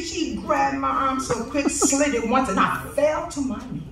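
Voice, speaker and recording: A woman giving a eulogy as a spoken-word poem, laughing through lines and swinging from loud to hushed, recorded from far off in a funeral hall. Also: high-pitched, moderate pace, creaky, few pauses. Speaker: family member giving a eulogy.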